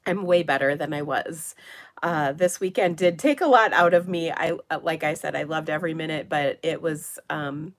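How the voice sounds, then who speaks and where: A woman's voice: sits low, normal speed. A middle-aged woman hosting a papercraft livestream, chatting casually and rambling with many fillers, her voice congested and nasal from a cold. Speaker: papercraft channel host.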